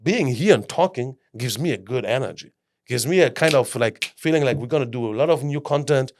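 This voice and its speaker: Man, podcast guest mentor, motivational, passionate, rapid, lively pitch, english. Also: slight background noise. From Greece. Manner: passionate, acts out quoted voices; non-native phrasing.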